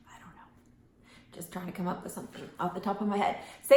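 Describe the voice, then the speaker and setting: A woman chats to camera in a relaxed, rambling vlog style, drifting off track and circling back. Her voice sits at a middle pitch and carries a roomy echo around it. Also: a little fast. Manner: rambling, loses her thread, acts out quoted voices. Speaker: vlogger. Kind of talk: casual talking-to-camera vlog.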